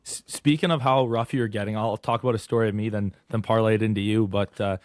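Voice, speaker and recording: Fast-talking man on a dry mic. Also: fairly low pitch, fairly even intonation, no room sound. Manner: rapid, chatty, trailing restarts. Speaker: podcast host. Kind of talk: casual podcast chat.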